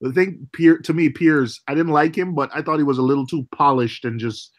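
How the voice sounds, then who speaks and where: A man's voice: a little high, fairly quick. A man hosting a casual group livestream chat. He laughs easily and trails off and restarts mid-sentence. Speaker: livestream host.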